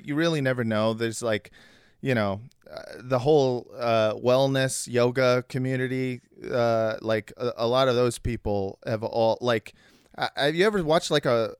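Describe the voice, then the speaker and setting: Man, casual comedic chat, rambling, smooth clear voice, dry close sound. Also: mid-range voice, dry recording. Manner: rambling, lots of fillers, laughs a lot.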